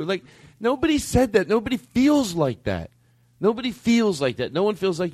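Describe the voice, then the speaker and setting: Animated laughing man hosting a podcast. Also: sits high, fast, no room sound. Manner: rambling, animated, laughs often. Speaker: podcast host. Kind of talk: casual comedic chat.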